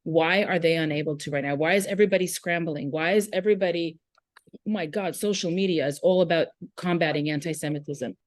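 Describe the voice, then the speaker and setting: Low-voiced woman educator, reflective. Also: fairly quick, dry recording, clean studio sound. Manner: reflective, passionate, with fillers. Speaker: educator and guest. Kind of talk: conversational interview.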